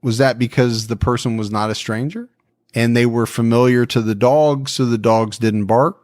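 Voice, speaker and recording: A man's voice: medium pitch, fairly even intonation, darkish tone, dry recording, studio quality. A man co-hosting a true-crime podcast, talking through a case in a musing, conversational way. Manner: musing, conversational, quick to laugh. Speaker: podcast co-host.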